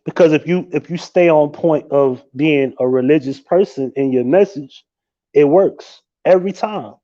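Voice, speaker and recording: A man hosting a live stream, talking in a casual, animated and profane way, often breaking into laughter. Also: fairly high pitch, moderate pace, muffled recording.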